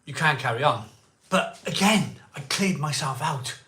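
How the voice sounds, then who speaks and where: A man's voice: on the high side, animated, measured pace, bright, forceful tone, a little hiss or hum. A man hosting a live beer stream, telling a rambling story in a chatty way, repeating himself and acting out what people said.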